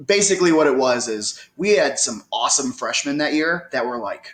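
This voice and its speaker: A man's voice: medium pitch, animated, brisk. Guy guest on a podcast, reflective, kinda laughs at himself, roomy echo. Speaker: guest, drum corps instructor. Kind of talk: casual podcast interview.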